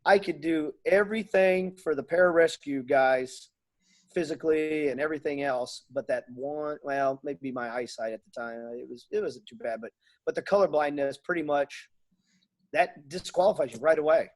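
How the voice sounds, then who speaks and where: A middle-aged man spins animated stories in a relaxed conversation, his voice sitting a little high. He acts out the dialogue in his tales. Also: moderate pace. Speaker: guest. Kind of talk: casual storytelling.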